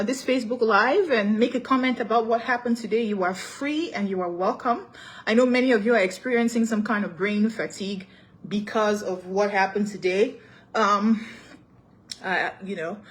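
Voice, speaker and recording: Speaking at a medium pitch, a young Cameroonian-accented woman runs a relaxed live-stream talk show. She welcomes commenters by name, slides between French and English, and laughs a lot.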